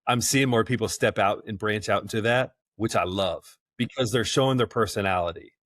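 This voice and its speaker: Folksy, lower-voiced man guest. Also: a little fast, fairly bright tone, no echo, studio quality. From South Georgia, US. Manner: folksy, enthusiastic, laughs often, repeats words. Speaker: guest, event rental business owner. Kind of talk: casual podcast interview.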